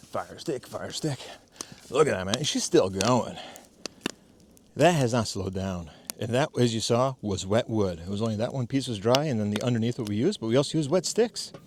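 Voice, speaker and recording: A man's voice: on the low side, background noise. A man with a cold, chatting casually and swearing as he tends a fire outdoors and explains his method for a DIY vlog. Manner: chatty, profane, self-mocking, explains as he works. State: has a cold. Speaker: DIY homestead vlogger. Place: outdoors at a fire pit in a valley.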